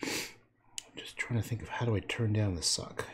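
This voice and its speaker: A man's voice: lowish voice, normal speed, background noise. A man casually talking through his painting on a livestream, mocking his own work, swearing and muttering half to himself. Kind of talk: casual running commentary while painting.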